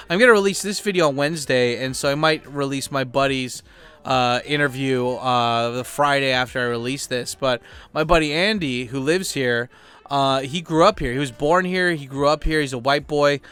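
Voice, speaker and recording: A YouTuber speaking at home in a casual talking-head chat, rambling and profane with plenty of fillers. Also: male voice, on the high side, fairly bright tone, clean tone.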